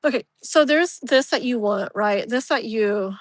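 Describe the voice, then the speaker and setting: On a live stream, a woman with a slightly high voice gives a tarot reading a little slowly. She rambles chattily, saying "like" and "you know" a lot, and soothes the viewer affectionately with pet names. The sound is close and dry, without room echo.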